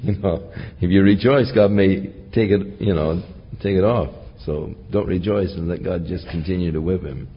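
A man preaching a sermon, teaching earnestly from scripture. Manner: slow, earnest Bible teaching with lively rises in pitch. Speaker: pastor. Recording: lo-fi recording with long hall reverb.

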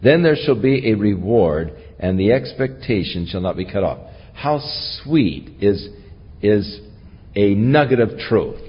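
A man preaching in a slow, husky voice that swings widely up and down in pitch. The recording is dull and lo-fi, with a long echo from a large hall behind him. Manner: slow, earnest Bible teaching with lively rises in pitch. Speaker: pastor. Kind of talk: sermon.

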